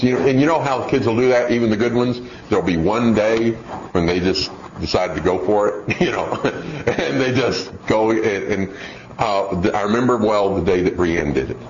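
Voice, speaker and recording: A man's voice: fairly low pitch, lively intonation, normal speed. A man casually telling a folksy, rambling story about his children, chuckling as he goes. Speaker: father telling a family story. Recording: dull lo-fi recording with faint background hiss.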